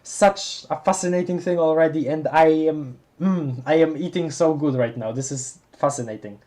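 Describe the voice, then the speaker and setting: A young adult streamer who reads a webcomic aloud live, with casual commentary, frequent laughter and quick self-corrections. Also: mid-range voice, warm tone. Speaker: livestream host reading a webcomic aloud.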